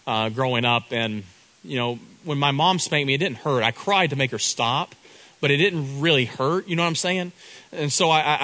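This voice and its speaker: A man's voice: fairly high pitch, pushed and bright, low-quality recording. A middle-aged man preaching a sermon, earnest, often repeating and restarting his words.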